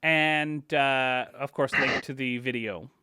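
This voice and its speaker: A man's voice: medium pitch, slow pace, sharp tone, clear, resonant tone, dry recording, studio quality. A man co-hosting a casual gaming podcast in a playful, joking manner. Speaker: podcast co-host. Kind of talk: casual chat.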